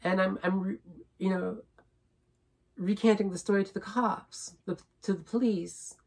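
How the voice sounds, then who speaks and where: Speaking at a measured pace, this woman has a husky, creaky, somewhat dark voice of medium pitch and fairly level intonation. She's a vlogger circling through a personal story, repeating things, throwing in "right?" often, and building indignant emphasis.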